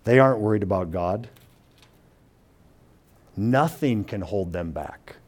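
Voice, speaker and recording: A man with a lowish, expressive voice preaches a sermon, quietly and slowly reading scripture. Afterward he explains it in his own words, restarting frequently and paraphrasing quotes.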